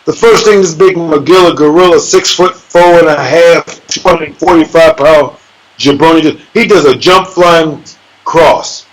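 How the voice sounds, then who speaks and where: A fairly high-pitched man spins a swaggering, profane story as an interview guest. He throws in sound effects and acts out other people's lines. His delivery is loose and lively. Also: measured pace, rough recording. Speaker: interview guest, MMA fighter.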